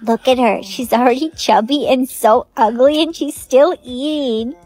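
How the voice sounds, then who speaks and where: High, dry text-to-speech woman for storytime clips, reading all the roles evenly. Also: measured pace, a little mellow, no echo, faint music behind. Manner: evenly paced synthetic delivery voicing every role. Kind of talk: scripted storytime narration.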